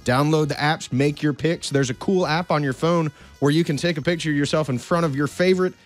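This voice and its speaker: A man's voice: fairly high pitch, brisk, soft background music. A man hosting a casual sports podcast, playful and rambling, with plenty of fillers. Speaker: podcast host. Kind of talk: casual chat.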